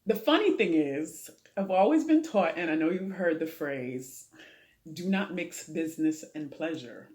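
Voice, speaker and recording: A woman's voice: low-pitched, animated, unhurried, a little mellow. Earnest woman sharing her faith. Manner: earnest and preachy, speaks of faith and prayer. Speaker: interview guest. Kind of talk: heartfelt testimony in a talk show interview.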